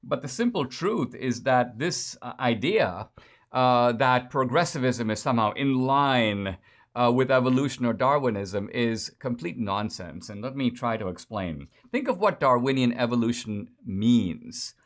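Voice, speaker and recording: A man's voice: mid-range voice, animated, measured pace. Sarcastic lecturing male commentator. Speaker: political commentator. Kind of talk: lecture-style political commentary.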